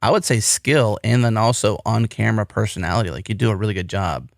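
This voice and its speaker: Talking fast with a fairly low pitch and vocal fry, a middle-aged American podcast host chats casually and eagerly, frequently starting over mid-thought. It's recorded in studio quality, free of echo.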